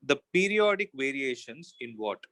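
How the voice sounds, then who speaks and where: A man's voice: mid-range voice, very animated, moderate pace, pushed and bright, rough recording. Man teaching physics with rhetorical questions. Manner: explains step by step with rhetorical questions. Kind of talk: classroom lecture.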